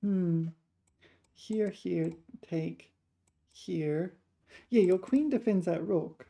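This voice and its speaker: A woman works through chess puzzles out loud in a low, gravelly voice, a touch hoarse. She mutters her calculations in short fragments at an unhurried pace, and her tone stays dark and mellow. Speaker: chess player. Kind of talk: thinking aloud while solving chess puzzles.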